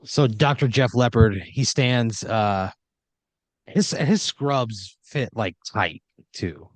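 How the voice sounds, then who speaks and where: A man's voice: medium pitch, slow, no room sound. A young man spins an improvised comedy story in a loose, rambling way, packed with "like" and swearing. His voice sits in an ordinary middle range. The recording is dry and close. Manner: rambling, filler-heavy and profane. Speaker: podcast host and storyteller.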